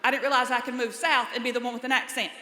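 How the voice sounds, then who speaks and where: A woman's voice: fairly high pitch, fairly even intonation, rapid-fire, very noisy. A woman in her thirties from North Carolina with a Southern accent, doing a playful, self-mocking stand-up comedy set. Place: comedy club stage. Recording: roomy club with long reverb.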